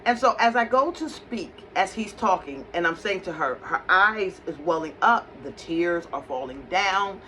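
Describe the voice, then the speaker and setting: A woman working as a psychic medium, telling a personal story in a conversational, animated way. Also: fairly low pitch, normal speed, hardly any pauses, slight background noise, low-quality recording. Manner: conversational, animated retelling with acted quotes.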